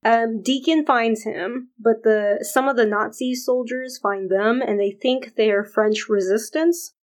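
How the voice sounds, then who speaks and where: A woman co-hosting a podcast, recapping a TV episode in a deliberate, chatty way with fillers. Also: a little high, fairly even intonation, rough recording. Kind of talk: casual chat.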